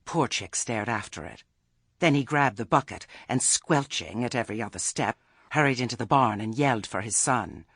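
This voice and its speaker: A man's voice: mid-range voice, normal speed, a bit bright, breathy edge, no room sound. A man reading a comic story aloud with a dry, wry delivery. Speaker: audiobook narrator. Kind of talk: storybook narration.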